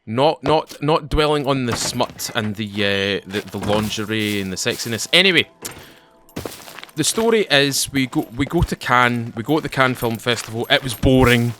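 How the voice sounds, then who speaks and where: In this let's-play clip, a young man narrates a meandering tale over a survival game, frequently stopping to comment. The gaming YouTuber's voice is medium in pitch and moderately paced, lively and talkative, with a little background noise.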